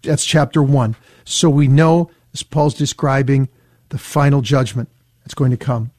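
A man reading Bible verses aloud and explaining them in an earnest teaching style. He reads slowly and leans on key words. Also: medium pitch, darkish tone, no room sound, clean studio sound. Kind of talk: scripture reading and commentary.

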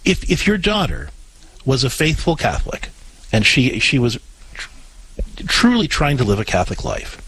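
Male radio host, husky, very animated delivery, Catholic advice call-in. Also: medium pitch, normal speed, long pauses, no echo, rough recording. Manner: animated, stammering restarts.

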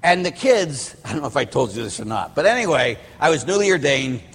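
A middle-aged Catholic priest from Pittsburgh giving a sermon, rambling through personal stories with restarts and asides. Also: male voice, medium pitch, lively intonation, a little fast, vocal fry, a bit bright, breathy edge. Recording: hall reverb.

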